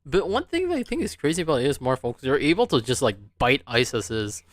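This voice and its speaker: Man, podcast host, casual chat, lively intonation, stammering restarts. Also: mid-range voice, fast, no room sound.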